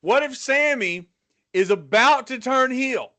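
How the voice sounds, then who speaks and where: A man's voice: very high voice, lively intonation, unhurried, bright, forceful tone. A man co-hosting a casual podcast who gives emphatic, opinionated takes and speculates freely. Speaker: podcast co-host.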